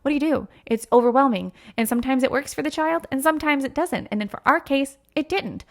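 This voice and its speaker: Woman host, thirties, slightly high voice, earnest and emotional, heavy fillers, personal podcast monologue. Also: fast. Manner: acts out quoted voices with sudden pitch jumps.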